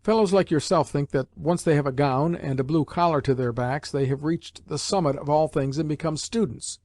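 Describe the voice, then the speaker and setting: A man's voice: a little high, moderate pace, a little mellow, no echo, lightly acted. A man reading an audiobook voices a stern, condescending older male professor who speaks with clipped intonation and a scolding, dismissive manner. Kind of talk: audiobook character voice.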